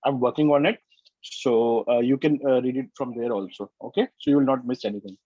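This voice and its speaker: A man chiming in during an online class, halting with fillers as he explains things to students. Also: mid-range voice, fairly even intonation, husky, dry recording, phone-quality sound. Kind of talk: casual remarks in online class.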